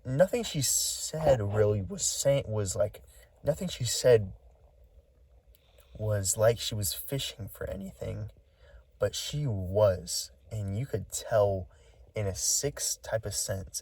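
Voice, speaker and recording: A man telling a creepy story in a casual vlog, rambling and halting with lots of fillers as he hunts for words. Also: fairly low pitch, lively intonation, darkish tone, husky. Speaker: vlogger.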